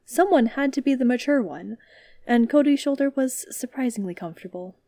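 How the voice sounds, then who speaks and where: A woman reading a story aloud as narrator, in a calm, steady manner. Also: high voice, brisk, no echo.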